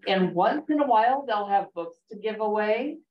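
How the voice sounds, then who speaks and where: A curious woman chiming in with questions and ideas at a group meeting. Her mid-pitched voice sounds far away and roomy, with slightly dull sound. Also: animated, moderate pace. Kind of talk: casual group discussion. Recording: roomy, distant, dull table mic.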